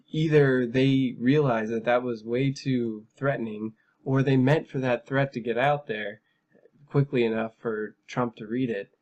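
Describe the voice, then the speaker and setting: A man's voice: medium pitch, a little mellow, lo-fi sound. A man giving emphatic, heated commentary on a news article, with frequent fillers and repeated phrases. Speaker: political commentary vlogger.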